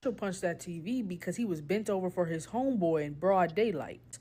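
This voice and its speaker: A woman calling in to a podcast, telling a comic story in a steady, deadpan way. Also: lowish voice, brisk. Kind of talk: reading a comic story aloud.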